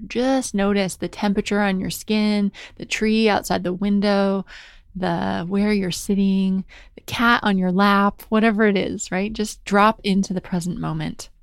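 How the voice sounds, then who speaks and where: A woman giving a calm mindfulness talk, gentle and reflective, stretching key words slowly and often checking in with "right?". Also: mid-range voice, vocal fry, no room sound, clean studio sound.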